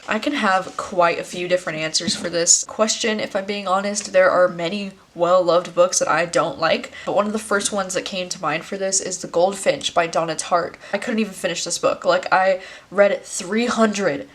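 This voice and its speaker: A woman's voice: lowish voice, steady tone, moderate pace, hardly any pauses. A woman in her twenties chatting casually to camera about books, full of "like" fillers and casual swearing. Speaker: book video creator. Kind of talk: casual chat.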